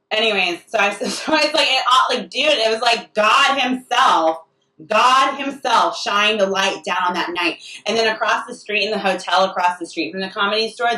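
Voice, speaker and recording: A woman with a bright, forceful, medium-pitched voice delivers a rambling comic monologue, constantly interrupting herself and restarting sentences. The recording has an echoey room sound and a distant mic.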